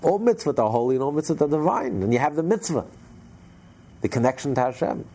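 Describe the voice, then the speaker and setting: A man teaching a religious class, telling a story in an animated way with frequent restarts. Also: a little high, fast talker, creaky, husky.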